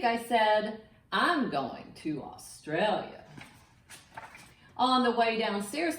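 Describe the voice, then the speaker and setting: A woman reading a picture book aloud to children, with an expressive, sing-song delivery that invites the listeners to join in. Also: mid-range voice. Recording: echoey room, mic set far off.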